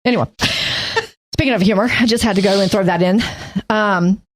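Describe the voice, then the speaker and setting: Speaking briskly in a mid-range voice, a Texan woman co-hosts a casual Bible study podcast. She tends to ramble and pokes fun at herself.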